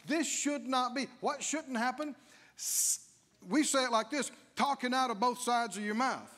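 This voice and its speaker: High-voiced preaching man in a hall. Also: measured pace. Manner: animated preaching, acts out whining prayers, laughs often. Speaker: pastor. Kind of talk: sermon. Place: church sanctuary.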